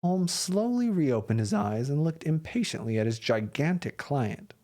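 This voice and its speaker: A man reading a classic story aloud with expressive narration. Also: on the high side, normal speed.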